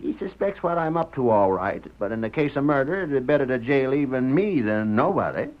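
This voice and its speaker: An actor playing a lazy, sly small-town loafer with a folksy drawl and rustic slang, heard on a muffled old radio broadcast. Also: male voice, medium pitch, expressive, a little fast, lightly acted.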